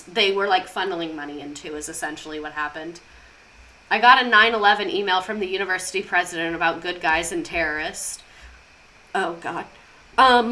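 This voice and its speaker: A woman's voice: mid-range voice, pushed and bright. A young woman streaming, chatting casually and swearing freely as she drifts off on tangents. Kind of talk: casual chat, live stream.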